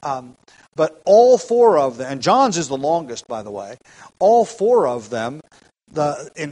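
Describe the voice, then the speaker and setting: Man explaining scripture, somewhat high voice. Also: rough recording. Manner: explanatory, thinks aloud with restarts. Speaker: Bible teacher. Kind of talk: Bible teaching talk.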